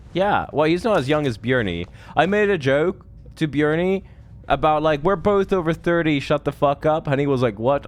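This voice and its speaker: A man's voice: mid-range voice, slight background noise. A man in his thirties streaming a game, chatting loosely with viewers, swearing often and rambling between thoughts. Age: 30s. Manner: rambling, profane, chatty with chat. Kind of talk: live gameplay commentary.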